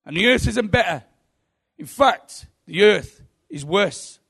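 A man's voice: sits high, animated, slow, creaky, a bit bright, breathy edge, exaggerated voice. A man preaching a sermon voices a young atheist heckler who mocks him on a TV show. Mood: scornful. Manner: sneering, confrontational. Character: young male atheist heckler, scornful and combative.

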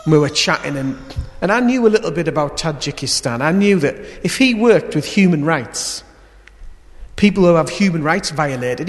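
A man preaching a sermon, telling a story and swinging between loud emphasis and quiet, intimate moments. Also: on the high side. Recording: long hall reverb.

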